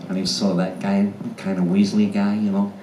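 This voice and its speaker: Brief: Australian man, blunt and sweary storyteller; low voice, distant mic, faint room noise. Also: little pitch movement, fairly quick, mellow. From Australian outback. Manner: blunt, swears freely, laughs often. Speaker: guest actor at fan convention Q&A. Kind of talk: casual storytelling Q&A answers. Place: large convention hall. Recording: echoey hall, from far off, faint room noise.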